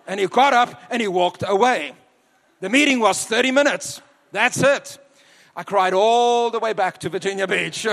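A man with a high voice preaches to a church congregation, telling a story in a relaxed way and stretching out his words for emphasis. His voice rings through a large hall with a long reverb. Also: normal speed, gravelly. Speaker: preacher, university leader. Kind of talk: sermon with personal story.

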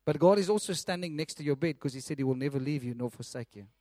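A man preaching a sermon, animated and storytelling, often repeating himself as he goes. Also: a little high, fast, no echo, studio quality.

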